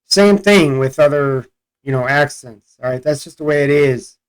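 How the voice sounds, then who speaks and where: A blunt American man rambles through casual reaction commentary, swearing freely. His voice is slightly high and clean, with a smooth, resonant clarity. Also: normal speed, low-quality recording. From United States. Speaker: reaction video host.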